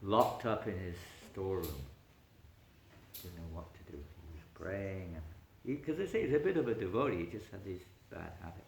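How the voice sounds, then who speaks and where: A man, a spiritual teacher, telling a story in an animated lecture, often chuckling. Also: low voice, moderate pace, gravelly, a little hiss or hum. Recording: echoey room.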